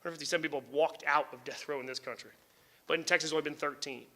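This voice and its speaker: A middle-aged man from New Jersey, a lawyer telling a story to a lecture audience. His voice sits high for a man and has a sharp, very bright tone. He talks in an animated, candid way, swears casually and chuckles at his own lines. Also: rapid-fire. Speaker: lawyer and author giving a book talk.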